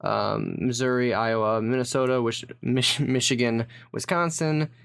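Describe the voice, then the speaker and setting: A man's voice: mid-range voice, steady tone, unhurried, gravelly, fairly bright tone, clear, resonant tone. A man from Pennsylvania co-hosting a podcast in casual chat, confidently rattling off lists. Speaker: podcast co-host.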